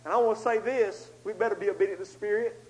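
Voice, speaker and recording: A man preaching a storytelling sermon, swinging between loud outbursts and hushed asides. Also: high-pitched, steady tone, fast talker, low-quality recording.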